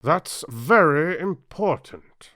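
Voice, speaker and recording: A man with a British accent voicing a pompous, blustering, easily flustered king in a loud, drawn-out voice for an audiobook. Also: a little high, animated, no echo, studio quality, pitched above the performer's own voice. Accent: British English. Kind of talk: audiobook character voice.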